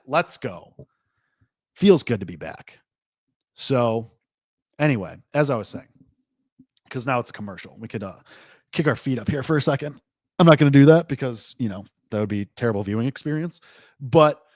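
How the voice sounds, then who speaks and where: A man hosting a live sports betting reaction show, talking loosely and rambling, full of "like", with excitable jumps and low asides. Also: dry recording. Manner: rambling, loose, heavy use of "like"; excitable swings between lively and low asides. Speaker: host.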